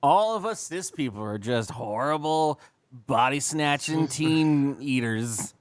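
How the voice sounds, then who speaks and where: A man's voice: a little high, lively intonation, takes it slowly. A man co-hosting a podcast in casual chat, sighing, swearing and saying "like" a lot. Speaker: podcast co-host.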